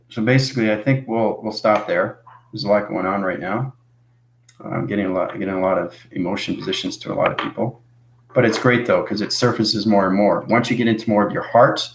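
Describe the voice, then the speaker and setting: A man giving spiritual advice to viewers, coaxing them along with "okay?" and "right?" and repeating phrases for emphasis. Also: lowish voice. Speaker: spiritual vlogger. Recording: echoey room.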